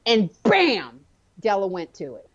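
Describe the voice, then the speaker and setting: A woman shares a personal story as a guest in a relaxed conversation, her delivery animated and expressive. Her voice sits in a middle pitch. The audio is dull and muffled, lo-fi. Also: unhurried, breathy edge.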